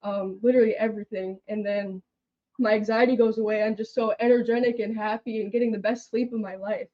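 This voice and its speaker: A young woman, an interview guest, telling her own story in plain, earnest words that often trail off softly. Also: mid-range voice, steady tone, a little fast, lo-fi sound.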